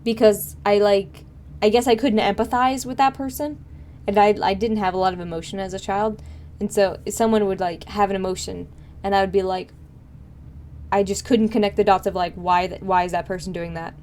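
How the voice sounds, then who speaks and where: A woman's voice: mid-range voice, fairly even intonation, brisk, darkish tone. A young woman streaming live, chatting casually with her viewers in a rambling way full of fillers. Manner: rambling, filler-heavy, frequent laughs.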